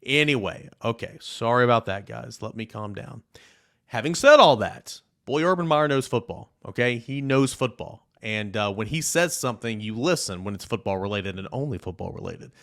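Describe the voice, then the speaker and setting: A man hosting a college football podcast, talking casually and with strong opinions, jumping between loud jabs and quiet muttered asides. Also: medium pitch, animated, normal speed. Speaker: podcast host. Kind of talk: casual sports podcast talk with a read ad.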